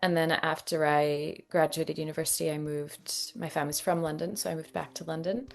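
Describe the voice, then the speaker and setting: A Canadian woman in her thirties, an actress and dialect coach telling her story in an interview, lively and often laughing. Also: deep voice, brisk, vocal fry. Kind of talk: conversational interview.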